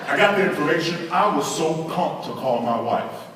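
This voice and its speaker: Male speaker, fairly high voice, lively comic storyteller working a room; distant recording in a large echoey hall. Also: fairly quick, few pauses, heavy background noise. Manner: animated, addresses audience with asides. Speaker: conference speaker. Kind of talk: humorous storytelling to a live audience.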